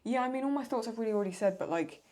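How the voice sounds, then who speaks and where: Racing along in a warm, expressive, higher-pitched voice, a female video host works through viewer questions in casual, rambling chat. She keeps paraphrasing lines and apologizing when she gets stuck.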